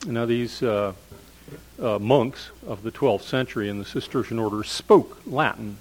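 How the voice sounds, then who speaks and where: A man's voice: mid-range voice, measured pace, a little hiss or hum, rough recording. Discursive older male lecturer. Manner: discursive, storytelling, frequent fillers. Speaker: professor of English literature.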